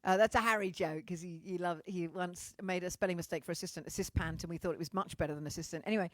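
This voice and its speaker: A woman's voice: on the low side, fairly even intonation, fast, a bit bright, dry recording, studio quality. A British woman hosting an online show in a comedic, casual monologue, bawdy and theatrical, swearing freely. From Britain.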